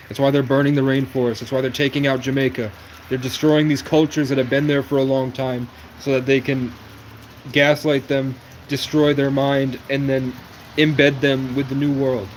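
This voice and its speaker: A young man from New England talks through a long, rambling livestream monologue. He jumps between conspiratorial topics in a flat, even voice. A faint noise sits under his speech. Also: mid-range voice. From New England, USA. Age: 20s.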